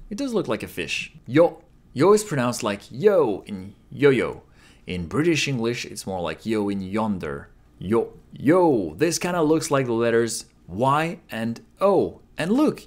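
Lively man teaching Japanese. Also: mid-range voice. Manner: playful, with drawn-out demo pronunciations. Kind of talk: lively scripted lesson.

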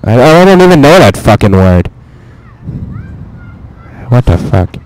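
A young man giving profane, excitable let's play commentary, talking to himself as he plays. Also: medium pitch, unhurried. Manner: profane, excitable, talks to himself while playing.

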